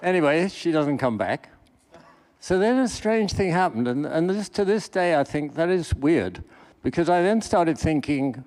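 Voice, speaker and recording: A man from England chairing a festival panel, telling a lively anecdote and acting out the voices in it. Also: on the high side, moderate pace. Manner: lively storyteller, acts out quoted voices. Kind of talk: anecdote to an audience. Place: festival panel before an audience.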